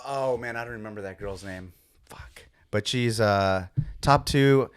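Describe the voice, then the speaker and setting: Low-voiced man, dry close sound. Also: a little slow, smooth, dry recording. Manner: blunt, swears freely, laughs along. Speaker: podcast co-host. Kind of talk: casual chat.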